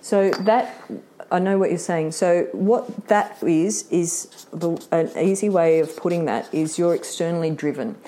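Woman, middle-aged, workshop presenter, chatty, lower voice, animated quotes. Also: a little slow. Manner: chatty, laughs often, acts out quotes. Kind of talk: live workshop teaching.

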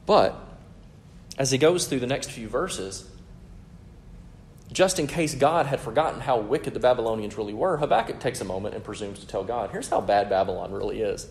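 A man's voice: mid-range voice, expressive, normal speed, a little hiss or hum. A man preaching a sermon in an earnest, teaching way, often checking in with his listeners. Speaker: pastor.

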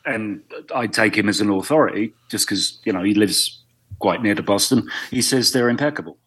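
A man's voice: on the low side, normal speed, a bit bright, slightly rough. A British man, a guest actor, chatting casually in a podcast interview and telling dry, self-deprecating stories. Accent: British English. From Britain.

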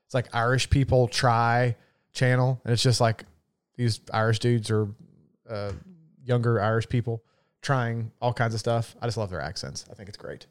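Southern man, podcast co-host, relaxed and profane, laughs easily, mid-pitched voice. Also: moderate pace. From American South. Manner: laid-back, swears freely, laughs often. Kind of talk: casual chat.

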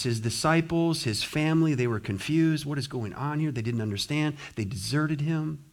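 A man preaching a sermon as pastor, swinging between hushed, slow phrases and loud, fervent passages. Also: fairly high pitch.

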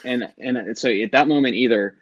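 A man's voice: medium pitch, moderate pace, dry recording, highs cut off. A middle-aged man telling long, rambling concert-trip stories in casual podcast chat, swearing freely and acting out what people said. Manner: rambling storyteller, swears freely, acts out quotes.

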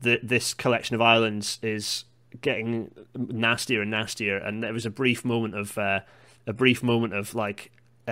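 A man's voice: fairly low pitch, flat delivery, moderate pace, pushed and bright. A man hosting a podcast in casual chat, rambling and digressive, with a self-deprecating manner. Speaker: podcast host.

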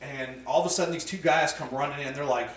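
Animated man telling stories in an echoey room. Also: a little high, quick pace. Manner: animated, profane, laughs while telling. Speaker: podcast guest telling family stories. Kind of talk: casual storytelling chat. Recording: roomy sound from a distant mic, faint noise.

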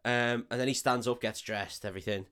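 A man casually recapping a film's plot on a podcast, animated and swearing often. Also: mid-range voice, a little fast, clear, resonant tone. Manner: animated, swears often, acts out characters' lines. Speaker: podcast co-host. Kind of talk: casual film recap chat.

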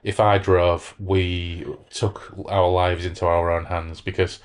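A man's voice: sits low, flat delivery, slow pace, clear, resonant tone. A middle-aged man hosting a podcast, reading a novel aloud and then chatting in a rambling, self-deprecating way. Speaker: podcast host. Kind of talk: book reading and casual chat.

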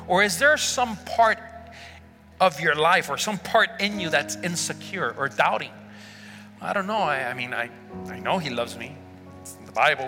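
A man's voice: on the high side, pushed and bright, in a large hall. A man preaching a sermon to a congregation, earnestly asking them rhetorical questions. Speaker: pastor. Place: church sanctuary.

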